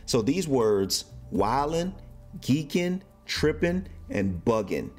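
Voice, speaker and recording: A man's voice: mid-range voice, big pitch swings, slow, a little mellow, soft background music. A man from the United States explaining slang in a casual, playful way, acting out example phrases. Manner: playful, acts out example phrases in shifting voices. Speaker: YouTuber explaining American slang.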